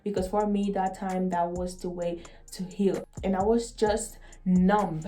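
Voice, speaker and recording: Soft-toned young woman, emotional and halting. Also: mid-range voice, steady tone. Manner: earnest, halting, repeats words. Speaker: vlogger. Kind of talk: personal confessional storytelling.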